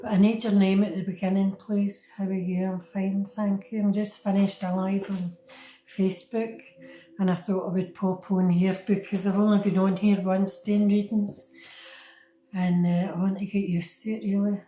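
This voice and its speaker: A woman's voice: mid-range voice, level tone, moderate pace, warm tone. A middle-aged Scottish woman from Scotland giving chatty tarot readings on a phone live stream, talking straight to her viewers. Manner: chatty, talks to viewers, fumbles with the app. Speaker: tarot reader. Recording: echoey room with faint ambient noise.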